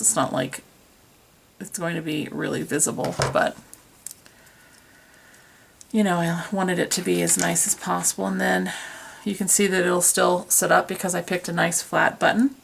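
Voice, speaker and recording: A woman's voice: on the low side, vocal fry, slight background noise. A woman talking casually through a craft demonstration as she works, chatty and self-deprecating, recorded by a camera on a tripod. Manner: chatty, self-deprecating, talks while working with her hands. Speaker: craft tutorial host.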